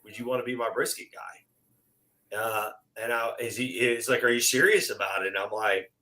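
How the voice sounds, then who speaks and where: Middle-aged man, bright tone, animated storyteller who acts out the dialogue himself. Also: medium pitch, moderate pace, rough recording. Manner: animated, acts out quoted exchanges. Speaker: guest. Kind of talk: casual storytelling chat.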